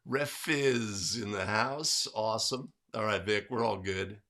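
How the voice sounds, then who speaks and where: A man's voice: fairly low pitch, a little slow, pushed and bright. A man hosting a livestream in casual chat, upbeat and greeting viewers by name. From California. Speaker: livestream host.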